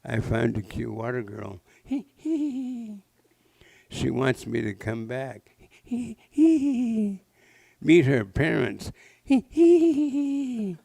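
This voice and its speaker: A man voicing a lovestruck young male muskrat who giggles in a high voice as he talks. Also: unhurried, creaky, hardly any pauses, darkish tone, dry recording. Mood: giddy.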